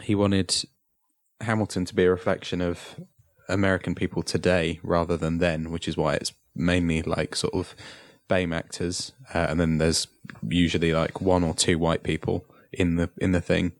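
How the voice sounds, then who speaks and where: A man with a very low voice chats casually on a podcast. He talks haltingly, full of "uh"s and restarts. The sound is close and dry. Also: little pitch movement, no echo. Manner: hesitant, many "uh"s and restarts. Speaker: podcast co-host. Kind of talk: casual chat.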